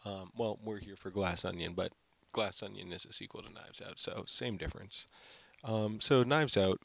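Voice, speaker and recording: A man's voice: lowish voice, moderate pace, vocal fry, no room sound. A young man hosting his own film channel, giving an unscripted, rambling review full of "like" and fillers. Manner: rambling, heavy use of "like" and fillers.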